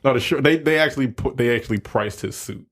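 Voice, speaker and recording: A man's voice: medium pitch, fast talker, a bit bright. A man co-hosting a casual podcast, joining in with chatty, profane banter. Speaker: podcast co-host. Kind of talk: casual chat.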